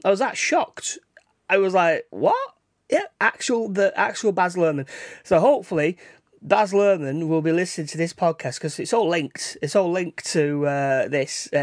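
A man hosting a casual solo podcast, rambling along, repeating and restarting his words, with sudden excitable bursts. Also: high-pitched, no echo, clean studio sound. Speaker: podcast host. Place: indoors, rain outside.

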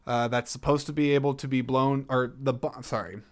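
A man talks through a film review on his own show in an easy, joking way, wandering off track and correcting himself. His voice is smooth and clean, sitting at an ordinary middle pitch. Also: fairly even intonation, fairly quick. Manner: rambling, jokey, self-correcting. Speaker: podcast host reviewing a film. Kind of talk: casual solo film review.

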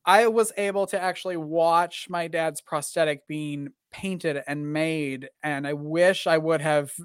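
A man's voice: fairly high pitch, fairly even intonation, a little slow, smooth, no echo, studio quality. A man hosting a casual live podcast chat, rambling with lots of fillers and joking at himself. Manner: rambling and self-deprecating, with many fillers. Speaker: podcast host.

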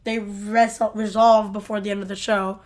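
A woman's voice: mid-range voice, flat delivery, moderate pace, a little mellow. A young woman co-hosting a casual chat, rambling and giggling as she recaps a TV episode. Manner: giggly, rambling, restarts a lot. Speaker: podcast co-host.

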